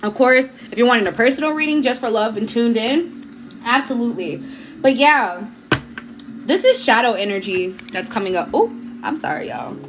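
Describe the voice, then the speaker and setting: A woman's voice: on the high side, moderate pace, slight background noise. A young woman giving a casual livestream tarot reading, chatty and encouraging, laughing easily.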